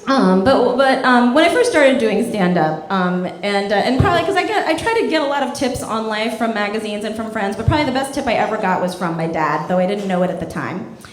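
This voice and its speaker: A woman doing a stand-up set in a comedy club, animated and acting out characters in her stories. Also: mid-range voice, fast talker, few pauses, slight background noise. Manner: animated, acts out characters in quotes. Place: comedy club stage with live audience. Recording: echoey club with loud crowd laughter.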